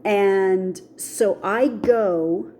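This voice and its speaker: A woman's voice: mid-range voice, drawn-out words, a little hiss or hum. A middle-aged woman telling a personal story in a vlog, acting out the voices of people she quotes. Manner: animated, acts out quoted voices. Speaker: vlogger.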